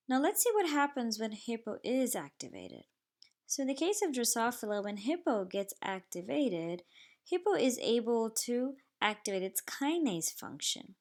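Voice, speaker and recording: A woman giving a recorded slide lecture in a measured, explanatory way. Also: medium pitch, vocal fry.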